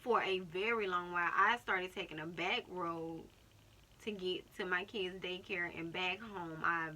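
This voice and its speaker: A woman's voice: fairly low pitch, unhurried. A young woman telling a personal story in a casual vlog, acting out what other people said. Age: young adult. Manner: animated retelling, acting out other people's words. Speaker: vlogger.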